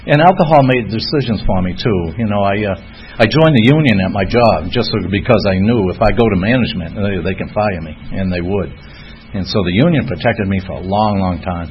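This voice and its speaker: A man's voice: fairly low pitch, a little fast. Rambling man telling a recovery story. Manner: rambling and self-deprecating, with frequent chuckles and fillers. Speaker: recovering alcoholic sharing his story. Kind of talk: recovery meeting talk. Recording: dull lo-fi recording with faint noise.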